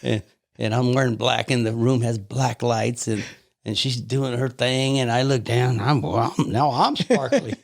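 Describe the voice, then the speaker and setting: An older man from the United States, a podcast guest telling anecdotes in a lively way, repeating words and laughing often. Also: mid-range voice, measured pace, vocal fry, no room sound, clean studio sound. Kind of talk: casual storytelling chat.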